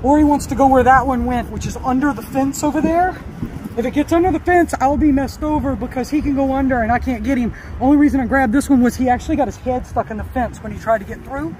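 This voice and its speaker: A man's voice: extremely high pitch, fast, poor audio. A man catching reptiles, explaining his plan step by step in a casual running commentary. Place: outdoors by a road. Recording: outdoor recording with loud traffic noise.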